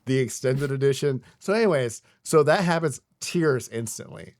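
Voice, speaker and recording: A man's voice: medium pitch, lively intonation, moderate pace, a little mellow. Rambling, swearing young man. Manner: rambling, swears a lot, many fillers. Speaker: podcast co-host. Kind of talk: casual chat.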